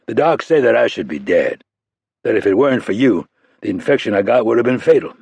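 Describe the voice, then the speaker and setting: A man's voice: mid-range voice, sing-song, fairly quick, vocal fry, a little mellow, breathy edge, no echo, full character voice. A man voicing a recovering wounded male special-ops soldier who talks in blunt, joking banter. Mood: wry.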